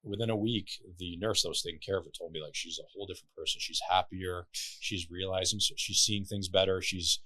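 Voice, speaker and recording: Deep-voiced man telling animated stories. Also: brisk, hardly any pauses, no echo. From Lebanon. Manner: animated storyteller, swears casually. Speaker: podcast guest. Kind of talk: casual podcast chat.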